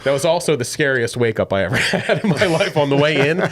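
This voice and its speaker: A man hosting a podcast, chatting casually and telling a self-deprecating story in a relaxed way. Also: on the high side, fast talker, a loud crowd. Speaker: podcast host. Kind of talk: casual chat. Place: podcast studio.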